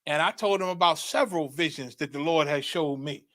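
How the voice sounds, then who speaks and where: Forceful man telling a vision. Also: fairly high pitch, brisk, no echo, studio quality. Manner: dramatic, repeats phrases, rising to excited shouts. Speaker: religious teacher. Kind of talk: testimony storytelling.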